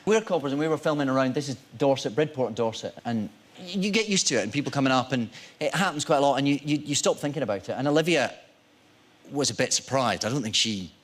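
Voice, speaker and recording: An actor guesting on a talk show in a TV studio tells anecdotes in a medium-pitched voice at a fast pace. He's an animated storyteller who pokes fun at himself.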